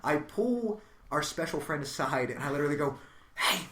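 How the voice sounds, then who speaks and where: Animated man telling a story in an echoey room. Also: a little high, a little fast. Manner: animated, voice rises to near-shouts when quoting himself. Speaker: comedian guest telling a story. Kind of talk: casual podcast storytelling. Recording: echoey room with faint noise.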